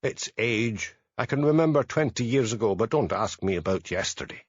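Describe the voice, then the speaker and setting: A man voicing a brisk, talkative older village postmistress in an audiobook. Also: fairly low pitch, animated, dry recording, muffled recording.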